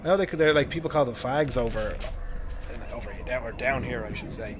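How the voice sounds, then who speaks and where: A man's voice: mid-range voice, a little fast. An Irish man streaming a strategy game at home, chatting casually with viewers, laughing often and thinking aloud. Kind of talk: casual live-stream chat. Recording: noisy background.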